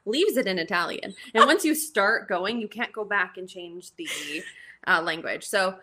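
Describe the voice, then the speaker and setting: A young woman guest on a podcast, retelling a trip in lively casual chat and acting out the story. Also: medium pitch, normal speed.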